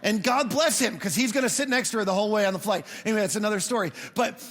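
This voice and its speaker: A man's voice: high voice, racing, big-room sound. A man preaching a sermon as pastor, telling stories in a loose, conversational way and acting out the people he quotes. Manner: conversational storytelling with animated quoted asides. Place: church auditorium.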